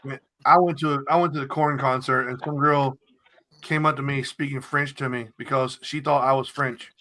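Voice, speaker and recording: A man's voice: medium pitch, steady tone, normal speed, sharp tone. A man co-hosting a casual podcast, rambling and swearing freely while repeating his phrases. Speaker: podcast co-host.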